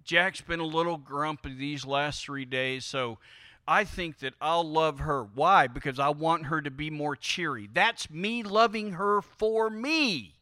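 A man's voice: a little high, measured pace, pushed and bright, no echo, studio quality. A man preaching a sermon to a congregation in a conversational way, prodding them with questions and leaning on key words. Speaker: pastor.

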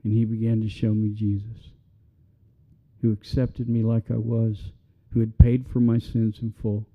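A man's voice: on the low side, completely flat delivery, unhurried, phone-quality sound. A middle-aged man preaching a sermon as a pastor, talking in an earnest, conversational way that builds to passionate appeals.

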